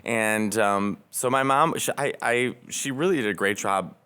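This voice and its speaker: A man in his thirties from the Chicago suburbs, a comedian guest telling animated stories on a podcast and laughing often. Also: fairly low pitch, measured pace, clean tone. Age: 30s. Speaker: comedian and cookbook author guest. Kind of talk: casual podcast conversation.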